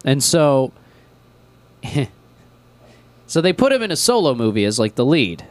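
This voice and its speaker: Brief: young man, student radio co-host, loose rambling chat, middling pitch. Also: big pitch swings, measured pace, no room sound. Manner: rambling, filler-heavy, joking. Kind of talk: casual chat.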